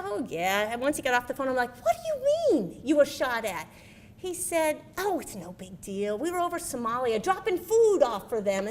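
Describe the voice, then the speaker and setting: A middle-aged woman giving a lively personal storytelling speech as a military spouse, animated and full of quoted dialogue. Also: a little high, slight background noise.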